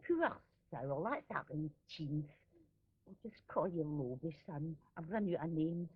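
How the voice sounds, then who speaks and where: A woman's voice: low-pitched, animated, measured pace, breathy edge, no room sound, heavily acted. Harassed mother, dry close sound, radio play reading. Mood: weary. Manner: sighing, theatrical sobbing. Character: weary Glasgow mother, weepy and harassed. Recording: dull lo-fi radio recording.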